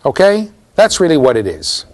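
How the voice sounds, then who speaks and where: A middle-aged man teaches a big university class, addressing his students directly with a playful, animated energy while running a live demonstration. His voice sits fairly high and he speaks at a moderate pace.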